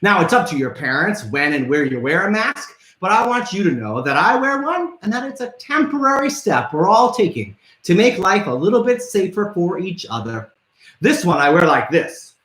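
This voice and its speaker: Brief: man hosting a kids' show, bright forceful voice, swoops up and down, echoey room. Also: high-pitched, big pitch swings, unhurried. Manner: playful, theatrical, calls out to viewers. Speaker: kids' trivia show host. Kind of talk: upbeat live show for children.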